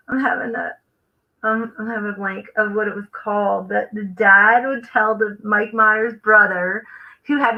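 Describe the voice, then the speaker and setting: A woman talks through her crafting on a live stream from her work table at home, with a bright, clear voice at an ordinary pitch. She thinks out loud, trails off mid-sentence and picks the thread back up as she goes. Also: poor audio. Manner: chatty, thinks aloud while working, trails off. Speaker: craft livestream host. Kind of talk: casual live crafting chat.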